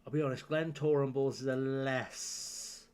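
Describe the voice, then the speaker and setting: A man streaming from home late at night, worn out but still joking with his chat. He rambles, laughs often and keeps the banter loose. His voice sits at an ordinary middle pitch. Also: fairly even intonation, a little slow, darkish tone, clean tone. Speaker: live-streaming gamer. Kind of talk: casual live-stream chat.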